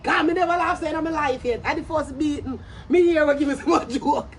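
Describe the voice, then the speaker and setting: A young Jamaican woman ranting loudly in commentary, profane and brash, bursting into shouts and cackling laughter. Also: sits high, a little fast, slight background noise. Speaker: social media commentator.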